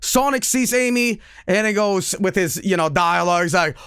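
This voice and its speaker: A man's voice: high voice, moderate pace, fairly bright tone, clean tone, no room sound, clean studio sound. A man streaming casual chat, rambling and stammering with lots of swearing and laughing.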